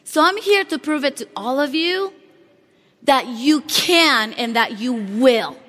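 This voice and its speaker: Woman, high voice, lively motivational speech, stage talk, long hall reverb. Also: slow. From Latin America. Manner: energetic, excited, talks straight to the audience with questions. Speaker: motivational speaker at a company event.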